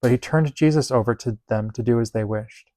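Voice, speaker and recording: A man reading Bible passages aloud in a steady, measured delivery. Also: medium pitch. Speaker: Bible reader.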